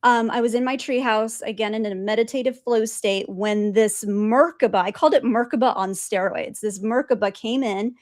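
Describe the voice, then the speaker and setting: A woman guest telling her spiritual experiences in an animated way, laughing often and acting out quotes. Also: a little high, moderate pace, hardly any pauses, no echo, clean studio sound. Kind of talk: storytelling in conversation.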